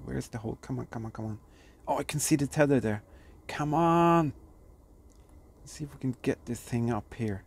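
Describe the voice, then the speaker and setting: A middle-aged man with a mid-range voice runs a casual history hunting vlog, excitedly talking both to himself and to viewers. He starts outdoors in freezing cold and later moves into a workshop, with slight background noise.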